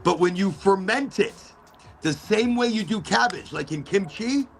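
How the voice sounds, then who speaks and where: Male podcast host, a bit high-pitched with a gravelly voice, animated storyteller. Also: normal speed, soft background music. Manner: animated storyteller, acts out quotes. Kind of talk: casual chat.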